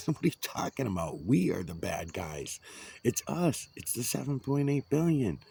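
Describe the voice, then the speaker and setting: A man's voice: medium pitch, big pitch swings, moderate pace, creaky, mellow, a little hiss or hum. A man rambling and ranting outdoors, swearing often. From United States. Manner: profane, ranting. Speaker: vlogger.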